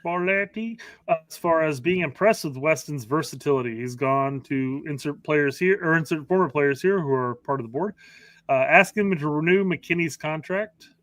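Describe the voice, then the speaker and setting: Bright, profane middle-aged man co-hosting. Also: fairly high pitch, normal speed, no echo. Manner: profane and animated, with joking quoted asides. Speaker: podcast co-host. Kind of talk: casual soccer chat.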